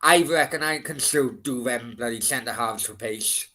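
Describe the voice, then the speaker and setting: A man in his forties in casual football chat, swearing and reading out scores in quick bursts. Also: medium pitch, sharp tone. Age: 40s.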